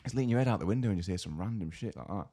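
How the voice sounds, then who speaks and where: A man's voice: lowish voice, animated, racing, mellow. A man co-hosting a podcast, telling rambling, amused stories in casual chat. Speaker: podcast co-host.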